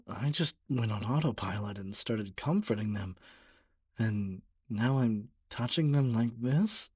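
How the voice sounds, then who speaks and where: A man voicing an obsessive young male stalker in a whispered role-play, talking softly with stammers and pleas. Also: lowish voice, husky, no room sound, studio quality. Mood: dreamy, flustered. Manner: soft, stammering, pleading.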